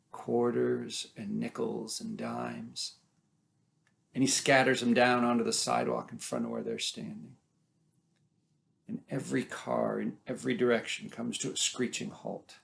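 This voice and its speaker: Gravelly male folk-tale storyteller. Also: mid-range voice. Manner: animated, dramatic, builds and drops his volume.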